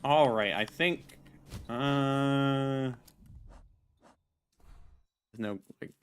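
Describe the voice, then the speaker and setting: A man's voice: mid-range voice, extremely slow, clean tone. A man streaming a video game, chatting casually as he plays, rambling, restarting words and talking to his viewers. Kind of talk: casual gameplay commentary.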